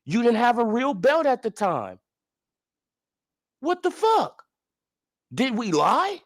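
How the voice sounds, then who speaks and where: Profane, animated man ranting about boxing. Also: very high voice, moderate pace. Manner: profane, incredulous, heated rhetorical questions. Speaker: boxing commentary vlogger. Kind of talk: ranting sports commentary.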